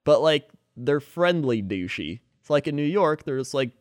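A man's voice: medium pitch, expressive, moderate pace, hardly any pauses, clean tone, no echo, clean studio sound. A man co-hosting a casual chat, laughing often and slipping into mock voices. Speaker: podcast co-host.

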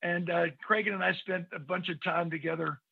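A man's voice: high-pitched, fairly even intonation, brisk, gravelly, breathy edge. A male podcast host interviewing a guest, enthusiastic and asking long winding questions. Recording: tinny phone-like line.

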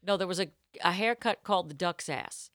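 A woman co-hosts a casual podcast and tells a self-mocking story with lots of animation. Her voice is bright and sharp at a middling pitch. The recording is dry and close, with no room sound. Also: fairly quick, no echo. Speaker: podcast co-host.

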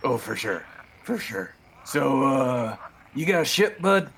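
Gravelly, lively male player. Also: mid-range voice, takes it slowly, slight background noise. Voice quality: gravelly put-on character voice. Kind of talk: in-character tabletop play.

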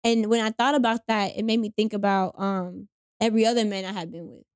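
A young woman telling a personal story in casual chat, animated, acting out both sides of the conversation with slang. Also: mid-range voice, a little fast, no echo, clean studio sound. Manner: animated retelling with quoted voices and slang. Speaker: storyteller guest.

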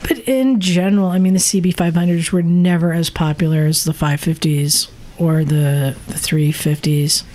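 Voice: mid-range voice, steady tone, moderate pace, few pauses, a little mellow. A podcast host leading a casual chat about motorcycles, laughing easily and handing off to the co-hosts. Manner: leads the talk, laughs easily.

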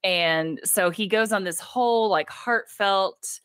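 A woman co-hosting a casual movie podcast, retelling the story with lively energy and jumping in and out of the characters' voices. Her voice sits at a middle pitch. It is recorded close and dry, with no room sound at all. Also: clean tone, dry recording. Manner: animated retelling with quick voiced quotes and laughs. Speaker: podcast co-host. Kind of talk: casual movie recap chat.

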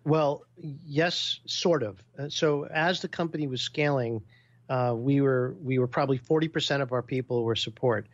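A man's voice: mid-range voice, moderate pace, no echo. A man telling a business story as a guest, acting out the people he quotes. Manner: animated storyteller who acts out quotes. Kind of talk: storytelling in a podcast interview. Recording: dull lo-fi sound.

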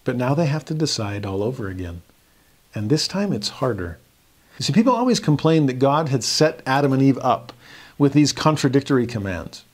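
A man's voice: medium pitch, lively intonation, moderate pace. A man teaching a scripture lesson in an earnest, explanatory way, raising his voice when he acts out quoted students. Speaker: religion teacher.

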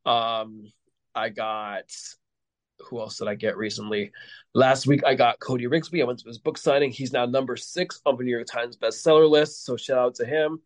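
A man's voice: medium pitch, fairly even intonation, normal speed, dry recording. Rambling man in a dry, close sound. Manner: rambling storyteller, heavy with fillers. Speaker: podcast guest. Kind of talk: casual podcast chat.

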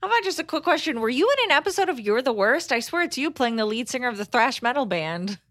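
A woman's voice: high voice, very animated, fast, fairly bright tone, no echo. A woman co-hosting a podcast, chatty and full of questions, laughing easily. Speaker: podcast co-host. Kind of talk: casual podcast chat.

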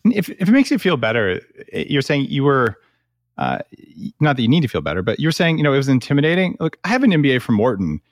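A male podcast host whose pitch moves a lot as he reacts. He sounds casual and affirming while he asks curious follow-ups. His voice is dry and close, with no room sound. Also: very animated, fast, dry recording. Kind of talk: conversational podcast interview.

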